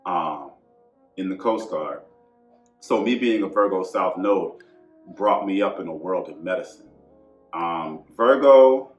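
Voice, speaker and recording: Male astrology host, lowish voice, casual and emphatic delivery, echoey room with faint music. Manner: chatty and emphatic, with asides and fillers. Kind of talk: casual astrology talk to camera.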